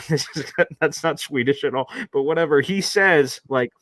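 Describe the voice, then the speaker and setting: A man hosting a live sports podcast, chatting casually with jokes and shout-outs to viewers. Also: medium pitch, moderate pace, no room sound. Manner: animated, joking, reads out member names. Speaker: host.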